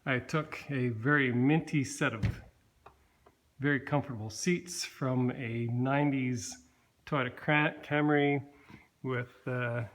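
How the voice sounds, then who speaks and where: A man slowly walking through the work he did on his car, talking with many pauses and fillers. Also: mid-range voice, steady tone, rough recording. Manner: slow, halting, many fillers and restarts. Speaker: car builder showing his car. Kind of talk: casual walkaround explanation.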